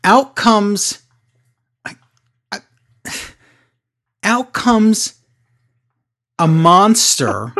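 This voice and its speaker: Guy cohosting a recap podcast, gets all excited telling the story. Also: very slow, long pauses. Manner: excitable, animated storytelling with sudden pitch jumps. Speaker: podcast co-host. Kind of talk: casual wrestling recap chat.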